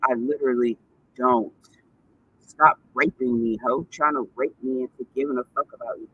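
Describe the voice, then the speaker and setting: A man's voice: mid-range voice, big pitch swings, moderate pace, gravelly, husky, muffled recording. A man ranting on a vlog, cursing and repeating himself in indignant bursts. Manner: profane, indignant, repetitive ranting. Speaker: vlogger.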